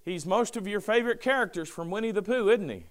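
A man preaching a sermon, reading scripture aloud with lively asides and a touch of sarcasm. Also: high voice, fast talker. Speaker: pastor.

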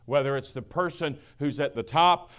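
A middle-aged male pastor preaching a sermon, booming then dropping to a hush, acting out quoted voices. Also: normal speed. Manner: swings from booming to hushed, acts out quotes.

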